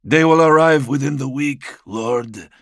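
Man doing a nervous loyal soldier officer, pitched up and urgent, kinda gravelly. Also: unhurried, dry recording, clean studio sound, lightly acted. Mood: urgent deference. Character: deferential male warrior officer.

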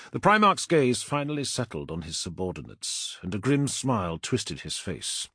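A man narrates an audiobook in a dramatic, measured way with a husky grain. His pitch rises and falls with the action. The recording is dry and close. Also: huge pitch swings, bright, forceful tone, dry recording. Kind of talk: scripted narration.

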